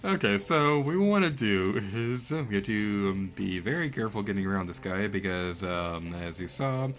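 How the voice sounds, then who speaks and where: Young florida dude doing let's play commentary, rambly, super lively pitch. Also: male voice, normal speed. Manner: animated, rambling, laughs and yelps at the game. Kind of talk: game commentary.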